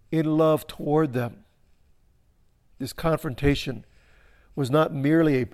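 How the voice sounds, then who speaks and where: Repetitive, emphatic male preacher. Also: a little mellow. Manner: repeats words and restarts phrases, rising to emphatic peaks then dropping low. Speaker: pastor. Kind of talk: sermon.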